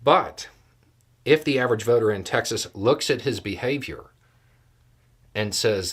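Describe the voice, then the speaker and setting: Low-voiced man giving steady analysis. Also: unhurried, slightly rough. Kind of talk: measured political analysis.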